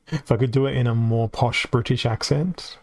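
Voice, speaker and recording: A man's voice: mid-range voice, darkish tone. A man with an Australian accent giving casual live-stream commentary on a card game, chatty and reacting aloud as it plays out.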